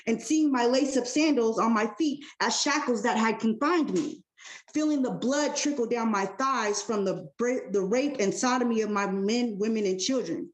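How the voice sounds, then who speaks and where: A woman's voice: on the high side, reverberant. A woman performing spoken word poetry at an open mic, impassioned and rhythmic, leaning hard on alliteration.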